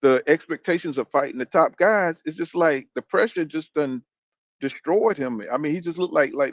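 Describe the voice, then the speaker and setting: Here the boxing commentator's voice sits a little high as he delivers a loose, foul-mouthed opinion rant, wandering along at normal speed and leaning constantly on "you know what I'm saying." The recording is muffled, with no room sound.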